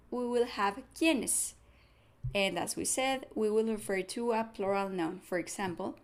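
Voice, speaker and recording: A woman teaching a language lesson, speaking slowly and deliberately as she walks through example questions and answers. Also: fairly high pitch. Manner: slow, deliberate, spelling out examples. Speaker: Spanish teacher.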